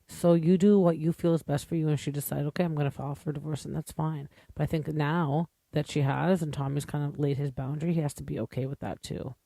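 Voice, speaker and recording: Brisk and gravelly yet mellow, this man's voice sits on the high side with fairly even intonation and few pauses, recorded with no echo. He hosts a podcast as a native English speaker, giving a chatty, opinionated recap full of asides and fillers.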